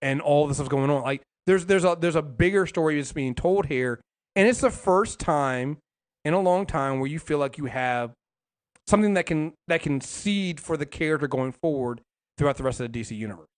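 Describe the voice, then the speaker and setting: In a casual podcast conversation, a male co-host with a slightly high voice speaks at normal speed. He's expressive, rambles, restarts sentences often, and swears freely.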